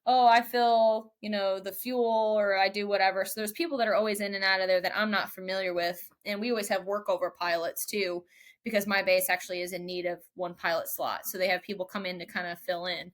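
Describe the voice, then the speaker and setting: A young woman, a mechanic guest on a podcast, telling a story casually and lively, quoting others in raised voices. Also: mid-range voice, quick pace.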